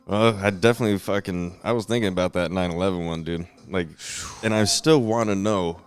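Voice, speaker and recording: Low-voiced man ranting casually. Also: brisk, clear, resonant tone. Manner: laid-back, swears heavily, ranting. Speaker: podcast guest. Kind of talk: casual profane chat.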